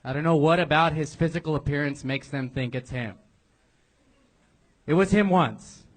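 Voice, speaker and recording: Brief: male drummer turned comic, slightly high voice, dry self-mocking one-liners. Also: normal speed. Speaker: band drummer doing a stand-up set. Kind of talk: stand-up set.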